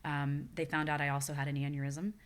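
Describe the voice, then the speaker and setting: A woman's voice: deep voice, little pitch movement, fast talker, clean tone. A woman in her forties, a guest on a podcast, telling a personal story in an earnest, reflective way. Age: 40s. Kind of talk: personal testimony in a podcast interview.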